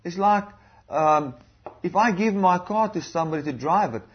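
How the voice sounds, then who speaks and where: Husky guy preaching, kinda high voice, earnest and repetitive, dull lo-fi sound. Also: expressive, moderate pace. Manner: earnest, repetitive, with interjected hallelujahs. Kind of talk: sermon.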